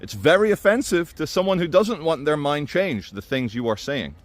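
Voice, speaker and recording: A man's voice: fairly high pitch, normal speed, no echo. A man giving casual commentary to camera, rambling with many fillers and restarts and slipping in dry, offhand asides. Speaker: vlogger.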